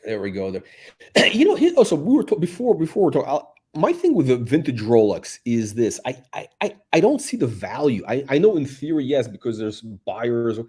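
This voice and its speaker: Husky man with a lively, hesitant voice. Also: medium pitch, fairly quick. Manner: hesitant, many restarts. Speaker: guest. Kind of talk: casual livestream chat.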